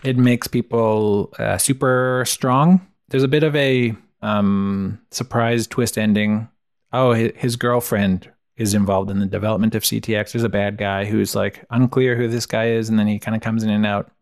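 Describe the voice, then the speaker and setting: A man's voice: lowish voice, fairly even intonation, normal speed. A man co-hosting a casual podcast, wryly summing up reviews and a plot with lots of filler words. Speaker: podcast co-host.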